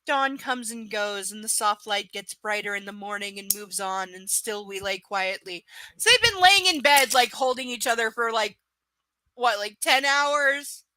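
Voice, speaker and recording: Woman reading a book out loud live, snarky and sweary, high bright voice, super dry sound. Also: expressive, measured pace, no echo. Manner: sarcastic, profane, exasperated asides. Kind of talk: live reading with ranting commentary.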